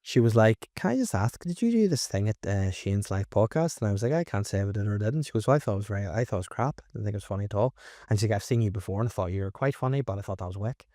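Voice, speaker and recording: A man's voice: lowish voice, expressive, very fast, mellow, dry recording. A Northern Irish man hosting a comedy podcast, teasing his guest in a dry, casual way. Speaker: podcast host.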